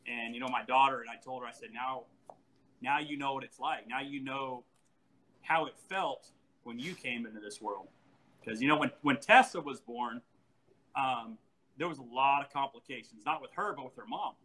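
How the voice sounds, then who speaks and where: Man in his forties, bright voice, animated storyteller with frequent laughs and restarts, casual chat. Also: medium pitch, moderate pace, rough recording. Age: 40s.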